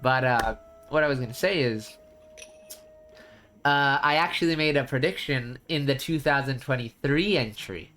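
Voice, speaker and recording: A man streamer chatting casually with his viewers, telling a long story in a rambling, animated way full of restarts. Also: mid-range voice, moderate pace, faint music behind.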